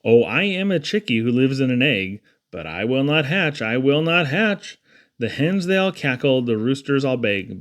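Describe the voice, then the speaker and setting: A small, stubborn chick speaks from inside its egg, read by a man. The rhymes come in a sing-song recital with a voice that swoops up and down. The pitch sits at a middling level for a man. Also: close to an everyday voice.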